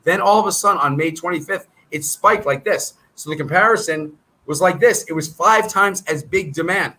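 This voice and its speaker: Brief: middle-aged man, high bright voice, pushy rambling monologue host. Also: moderate pace, low-quality recording. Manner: rambling, salesy and combative. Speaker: trading educator hosting his own channel. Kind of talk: casual monologue to viewers.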